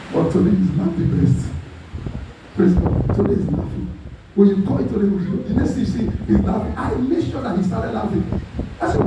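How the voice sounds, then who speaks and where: A man preaching a lively sermon as pastor, calling out to the congregation and laughing often. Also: very high-pitched, quick pace, noisy background. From Nigeria. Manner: animated preaching with call-and-response and frequent laughter. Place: church hall. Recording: echoey church hall, mic far off.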